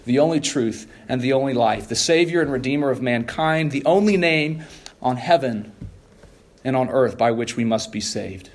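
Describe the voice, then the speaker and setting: Male pastor, sermon, earnest, measured delivery, emphatic repetition, mid-range voice. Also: mid-range voice. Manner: occasional stumbling restarts.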